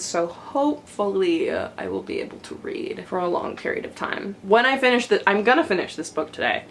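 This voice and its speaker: A young woman talks casually through her reading vlog, chatty and unfiltered with the odd swear word. Her voice has a gravelly, fried edge. A faint hiss sits under the home recording. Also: medium pitch, expressive, a little fast, a bit bright. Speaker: book vlogger.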